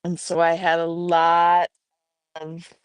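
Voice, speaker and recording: A woman hosting a casual livestream at home, chatting and reading out viewers' messages in a relaxed way. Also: on the low side, slow, clean tone, no room sound. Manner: relaxed, reads chat aloud, chatty asides. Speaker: livestream host. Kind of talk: casual chat with live chat.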